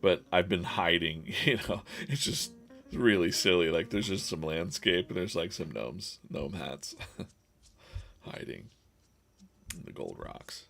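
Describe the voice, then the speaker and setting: A man's voice: deep voice, animated, slow pace, creaky, a bit bright. A man streaming live while drawing comics, chatting casually and rambling, with lots of laughs and silly quoted voices.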